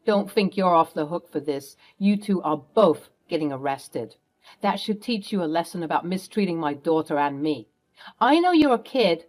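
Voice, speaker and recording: A woman voicing a furious middle-aged mother who confronts her cheating husband, stern and cutting. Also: lowish voice. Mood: scornful.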